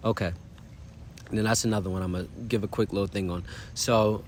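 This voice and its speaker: Against a little hiss or hum, a man with a lowish voice delivers casual, motivational self-talk on his vlog. He sounds earnest and encouraging, using slangy phrasing like "bro" and "you feel me" and often turning aside to address the viewer.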